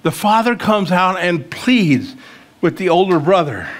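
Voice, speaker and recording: A man's voice: sits high, big pitch swings, measured pace. Conversational man preaching a sermon. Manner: conversational, rises to emphatic questioning. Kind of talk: sermon with scripture reading.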